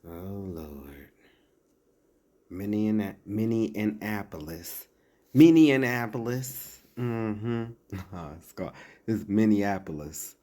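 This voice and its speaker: A man's voice: low voice, takes it slowly, pauses often, warm tone. A man giving casual commentary as he reads out a list, breaking off into sarcastic asides and chuckles.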